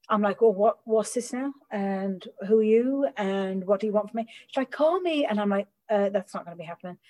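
A middle-aged woman giving a candid personal recovery talk, animated and acting out the voices of people she quotes. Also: mid-range voice, poor audio. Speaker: recovery speaker.

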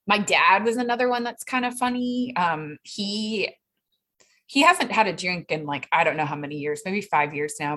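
A woman in her thirties sharing her recovery story in a chatty, animated way, full of fillers and acted-out quotes. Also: fairly low pitch. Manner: chatty and animated, quotes others in raised voices, frequent fillers. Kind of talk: casual personal storytelling.

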